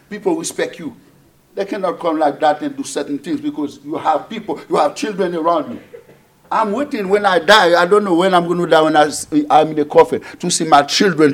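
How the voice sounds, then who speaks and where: His voice sits a little high. He is a middle-aged Haitian preacher whose sermon alternates between booming emphasis and soft side remarks, with phrases repeated throughout.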